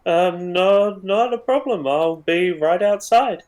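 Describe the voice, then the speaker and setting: A man's voice: sits high, takes it slowly, darkish tone. A man voicing a polite, obliging female soldier in a tabletop game. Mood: dutiful. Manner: polite, eager to please. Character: dutiful female soldier trooper.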